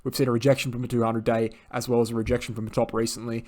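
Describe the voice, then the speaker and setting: A man giving chart analysis commentary on a market, emphatic and insistent, often ending points with a tag question and filling pauses with "uh". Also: mid-range voice, level tone, darkish tone. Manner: emphatic, insistent, frequent "right?" and fillers.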